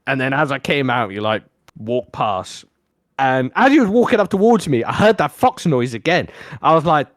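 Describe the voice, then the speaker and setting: Young male podcast co-host, from Africa, animated swearing storyteller, dry close-miked voice. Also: mid-range voice, moderate pace, no room sound. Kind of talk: casual storytelling chat.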